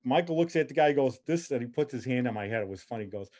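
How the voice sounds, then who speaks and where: A middle-aged man telling a personal story in a casual, animated way, acting out what the other people said. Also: medium pitch, fast talker.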